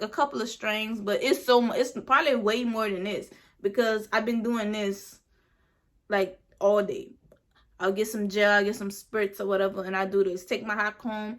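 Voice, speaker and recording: A woman's voice: on the high side, fairly bright tone. Frustrated young woman venting about a wig. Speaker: beauty vlogger. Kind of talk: casual product review.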